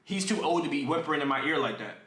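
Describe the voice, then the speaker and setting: A man's voice: a little high, lively intonation, fast, fairly bright tone, roomy sound. A young man streaming, casually telling a story to his chat in slang and talking straight to his viewers. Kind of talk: animated storytelling to a live chat.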